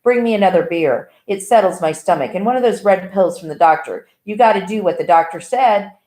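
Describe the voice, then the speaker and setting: A woman's voice: medium pitch, mellow, close to an everyday voice. A woman reading as a dazed, drifting mother. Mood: vague. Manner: vague, slow, drifting. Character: dazed, drugged middle-aged mother, TV-obsessed. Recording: echoey room.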